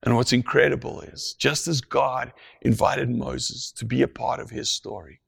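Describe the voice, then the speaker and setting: Guy preaching real slow, super gravelly husky voice, goes to a whisper on the big lines. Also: medium pitch, flat delivery. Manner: slow, deliberate, drops to a hush for emphasis. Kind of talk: sermon.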